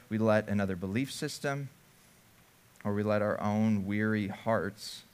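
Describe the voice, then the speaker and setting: A man preaching at a church service. He reads a scripture passage and then explains it in a relaxed, conversational way, with plenty of "kind of" and "like". His voice sits in an ordinary middle pitch for a man. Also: clear, resonant tone. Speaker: pastor. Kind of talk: sermon.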